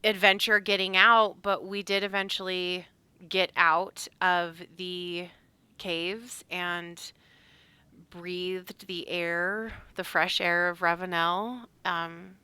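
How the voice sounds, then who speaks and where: A woman co-hosting a casual recap as game master, talking in an animated way and laughing often. Her voice is very bright and smooth. It is recorded close and dry. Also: on the low side, takes it slowly, dry recording. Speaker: podcast co-host and game master.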